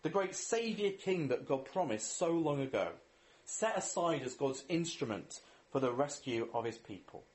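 A man's voice: fairly high pitch, animated, normal speed. A man preaching a sermon in an earnest way, reading scripture, asking rhetorical questions and leading a prayer.

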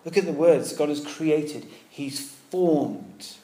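A man's voice: on the high side, expressive, slow. Preacher man with a roomy echo. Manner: earnest, conversational, swinging between loud emphasis and hushed tenderness. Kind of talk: sermon.

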